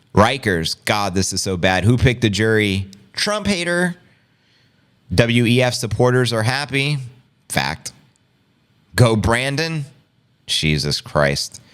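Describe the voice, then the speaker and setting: A man's voice: on the low side, smooth. A man hosting a crypto news show, giving exasperated, incredulous live reaction commentary in a rambling way.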